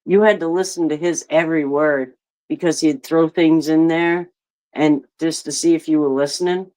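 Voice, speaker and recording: A woman with a Maine accent co-hosting a casual podcast, chatty and quick to laugh. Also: deep voice, steady tone, a little mellow, rough recording. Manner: chatty, laughs often, fillers like "you know". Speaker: podcast co-host.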